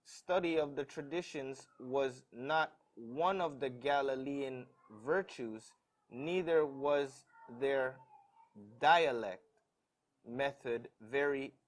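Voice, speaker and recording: A man reading passages aloud in a church Bible study, haltingly, stumbling over words. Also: medium pitch.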